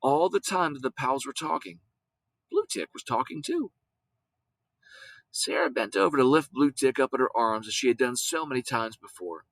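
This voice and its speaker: A man reading a children's story aloud in an expressive, lively storytelling manner. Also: mid-range voice, moderate pace, no room sound, rough recording. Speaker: audiobook reader. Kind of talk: storybook read-aloud narration.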